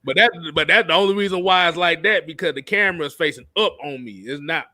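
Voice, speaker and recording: A man's voice: a little high, quick pace, bright, forceful tone, dry recording. A man co-hosting a live stream, chatting casually and laughing often as he acts out quotes. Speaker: podcast co-host. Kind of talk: casual chat.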